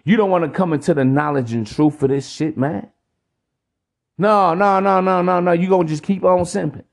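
A man's voice: sits high, moderate pace, vocal fry. A man hosting a podcast, ranting in a preachy, profane monologue full of repetition. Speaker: podcast host.

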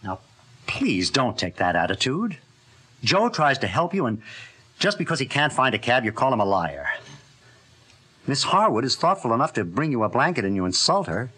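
An actor playing an insistent young husband in a 1960s radio drama, pressing and needling. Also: male voice, mid-range voice, very animated, moderate pace, sharp tone, breathy edge, full character voice.

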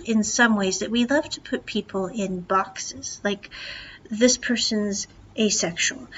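A woman hosting a podcast, casually retelling and reviewing a TV episode in a chatty, animated way and acting out the dialogue. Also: on the high side, lo-fi sound, slight background noise.

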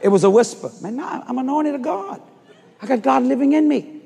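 Animated older preacher, big hall. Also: male voice, extremely high pitch, a little fast, gravelly, husky. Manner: animated storyteller, acts out voices and shouts at the climax. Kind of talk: storytelling sermon.

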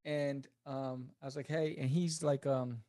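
An animated man tells stories from his career in a casual interview. His voice sits in a middle register, and he jumps higher whenever he acts out the people in his stories. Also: unhurried. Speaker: interview guest, comic creator.

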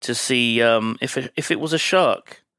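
A man's voice: mid-range voice, moderate pace, pushed and bright, no echo. A man co-hosting a podcast, casually retelling a film with plenty of swearing and filler words. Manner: swears freely, rambling with fillers. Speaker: podcast co-host.

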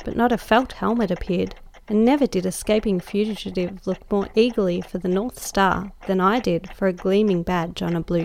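A woman narrating a classic story in a measured, expressive audiobook style. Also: medium pitch, a little hiss or hum. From Australia. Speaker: guest host, story narrator.

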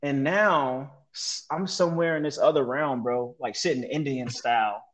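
A man telling a story as a guest in an interview, animated and slangy, mimicking sounds as he relives events. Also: mid-range voice, normal speed. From United States. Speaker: guest, military veteran.

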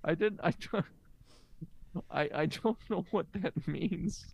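A man hosting an improvised comedy podcast as a therapist, talking in a lively, stammering, incredulous way. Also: sits high, takes it slowly, creaky, slightly rough. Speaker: comic playing a therapist host.

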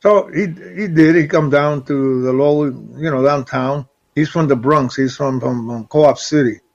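A man's voice: mid-range voice, a little slow. An older man from Rico, a former wrestler telling stories in an interview, rambling and often repeating and restarting his words. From Puerto Rico. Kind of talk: storytelling in an interview. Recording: dull lo-fi recording.

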